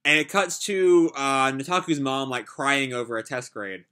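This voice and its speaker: A man's voice: mid-range voice, normal speed, hardly any pauses, pushed and bright, smooth. A man casually reading a comic aloud and reacting to it live, with frequent filler "like"s.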